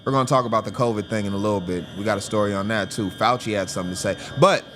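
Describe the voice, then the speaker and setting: Joking, animated male show host. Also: on the low side, very fast, slight background noise. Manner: joking, animated, often laughing. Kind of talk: casual commentary over video.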